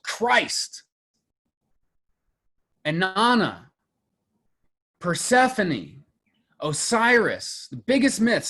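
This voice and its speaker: A man teaching mythology and film, lecturing with eager energy and a middling pitch. He thinks aloud as he goes, stumbling over fillers and restarting phrases, then pressing his points home. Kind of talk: lecture to a class.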